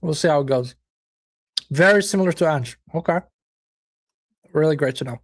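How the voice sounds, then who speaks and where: A man hosts a live football watchalong, chatting casually as he reacts to the match and to viewers' comments, swearing now and then. His voice is a little high and he speaks at a normal speed.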